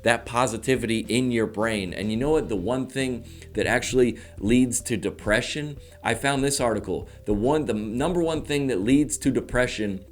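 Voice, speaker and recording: Rambling, self-mocking male comedian. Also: mid-range voice. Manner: rambling, jokey, quick self-mocking asides. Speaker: stand-up comedian, show host. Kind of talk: casual comedic monologue.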